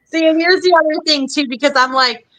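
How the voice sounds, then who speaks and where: A woman's voice: high-pitched, fairly quick, bright, forceful tone. A Midwestern woman with a Minnesota accent, hosting a casual chat show and rambling along with lots of fillers. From American Midwest. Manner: chatty, rambling, frequent fillers. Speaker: podcast host.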